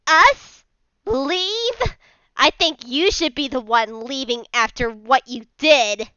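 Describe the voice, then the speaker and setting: A woman's voice: a little high, unhurried, pushed and bright, clear, resonant tone, no echo, dull audio. A woman voicing a fierce, demanding adventurer with layered voices. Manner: commanding, threatening. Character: menacing player character speaking in layered voices, fierce and demanding.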